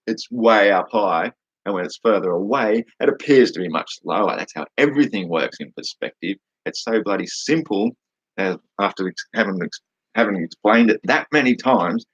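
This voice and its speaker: A man's voice: on the low side, slightly rough, no echo, muffled recording. An Australian man answering comments in a combative, mocking rant, blunt and full of swearing. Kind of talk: combative ranting monologue.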